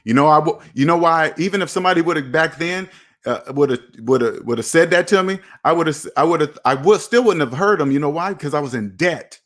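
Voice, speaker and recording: Man, 40s, slightly high voice, repetitive motivational finance monologue, preachy. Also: brisk, a bit bright. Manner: preachy, repeats himself, talks to himself by name. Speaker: personal finance video host.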